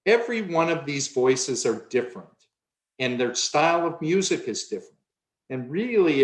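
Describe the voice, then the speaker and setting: A man's voice: medium pitch, echoey room. A man giving a conference lecture on the voice, now and then changing his own voice to show a point.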